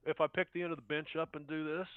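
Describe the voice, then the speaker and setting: A man's voice: a little high, little pitch movement, quick pace, smooth, no echo. A man playing in an online tabletop game, eagerly describing his character's actions. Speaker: player. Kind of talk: casual tabletop game chat. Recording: tinny dry phone-like line.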